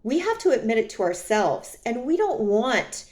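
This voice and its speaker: A woman's voice: on the high side, very animated, normal speed, darkish tone. A woman vlogger talking candidly from her own experience in a reflective personal monologue, often repeating phrases for emphasis.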